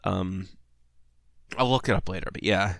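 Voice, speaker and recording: Bright, chuckling man. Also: deep voice, moderate pace, creaky, no room sound. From United States. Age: 30s. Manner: rambling and enthusiastic, lots of "like" and chuckles. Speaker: video commentator. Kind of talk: casual video commentary.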